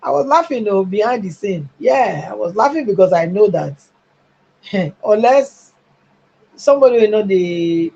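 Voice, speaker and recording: Nigerian lady panelist on a livestream, breathy husky voice, gets loud and heated, kinda muffled audio. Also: mid-range voice, expressive, a little slow. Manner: emphatic, rising to near-shouting, with laughs. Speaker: panelist on a live stream. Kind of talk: impassioned call-in commentary.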